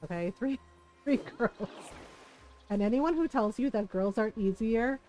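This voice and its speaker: A woman's voice: on the high side, measured pace, warm tone, faint music behind, low-quality recording. A middle-aged woman streaming a game, telling family stories in a chatty way, laughing often and swearing freely. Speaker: live streamer. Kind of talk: casual chat while gaming.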